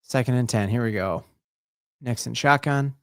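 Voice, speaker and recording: A man doing live fan play-by-play on a stream, with a mid-range voice and a dry, close sound. His talk is rambling and casual, full of restarts, and it breaks into loud, drawn-out cries of excitement. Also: medium pitch, dry recording. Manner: excitable, bursts into loud repeated exclamations.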